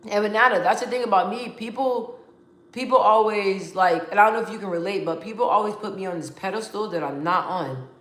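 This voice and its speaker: A woman's voice: mid-range voice, a little fast, fairly bright tone. A young adult woman talking candidly in a casual vlog, emotional and rambling, with frequent restarts and repeated words. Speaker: vlogger. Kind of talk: casual heartfelt vlog talk. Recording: roomy echo.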